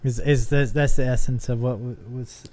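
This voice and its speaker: A man's voice: medium pitch, fairly even intonation, normal speed, darkish tone. An earnest man co-hosting a casual discussion podcast, steering the talk with questions. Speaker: podcast co-host.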